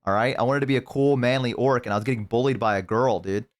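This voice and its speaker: A young man streaming, casually telling a profane, animated story to a co-host. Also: medium pitch, fast.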